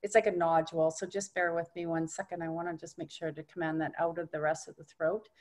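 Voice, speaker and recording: A woman with a lowish voice guides someone through an energy-healing session. She talks softly and reassuringly. Her voice often sinks to a hush. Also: flat delivery. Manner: soft-spoken, often dropping to a hushed tone; unhurried, reassuring coaching. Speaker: energy healer.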